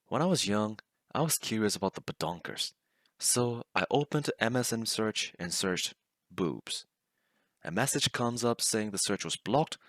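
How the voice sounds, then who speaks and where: A man's voice: on the low side, fairly bright tone, no room sound, studio quality. A man casually narrating funny stories and often laughing as he reads. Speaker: storyteller reading online stories.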